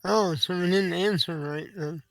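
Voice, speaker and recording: A man at a tabletop game, chatty and quick with suggestions for the table. His voice is fairly high and sits close and dry. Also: vocal fry, a bit bright, no room sound. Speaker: player. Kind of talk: casual tabletop play.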